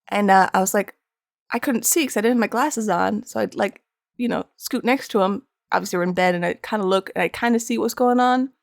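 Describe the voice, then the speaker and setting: A woman's voice: mid-range voice, a little fast, creaky, no room sound, studio quality. A young woman chatting casually with her viewers while streaming art from home. She rambles, pokes fun at herself and laughs often. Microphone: streaming microphone.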